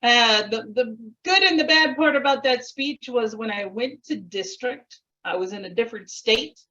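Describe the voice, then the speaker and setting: A woman's voice: on the high side, moderate pace, pushed and bright, muffled recording. A woman coach leading an online workshop, upbeat and chatty, inviting the audience to join in. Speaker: speaking coach. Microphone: video call.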